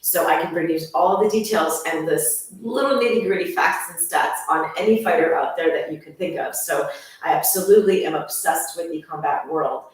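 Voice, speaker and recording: A young woman fitness instructor introduces her channel in a casual, enthusiastic and chatty way to her viewers. Her voice is on the low side and fairly quick. The room is very echoey, and she sounds far from the mic.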